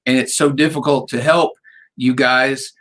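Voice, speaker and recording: A man's voice: mid-range voice, fairly even intonation, measured pace, a bit bright. A man hosting a weekly live radio interview, talking in a rambling, friendly way. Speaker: radio show host. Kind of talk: casual interview chat.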